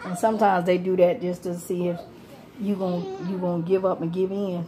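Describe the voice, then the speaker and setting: A woman's voice: lowish voice, little pitch movement, moderate pace, noisy background. A woman, talking casually about her life on the street, rambling, laughing often and swearing freely. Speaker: homeless person telling her story.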